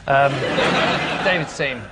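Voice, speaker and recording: A man's voice: mid-range voice, very slow. A man hosting a comedy panel show in a TV studio, announcing in a dry, wry way with scripted jokes. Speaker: game show host. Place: TV studio with live audience. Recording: studio audience laughter and noise.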